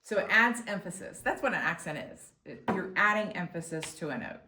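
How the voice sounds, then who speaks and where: A woman's voice: fairly low pitch, lively intonation, a little fast, over loud music. A woman flute teacher explaining technique in a patient, instructional way. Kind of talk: instructional demonstration. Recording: echoey room with faint noise.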